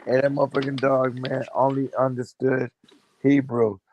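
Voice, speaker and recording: A man's voice: medium pitch, level tone, normal speed, highs cut off, slight background noise. A man telling stories in a loose, profane, laughing way during a casual chat.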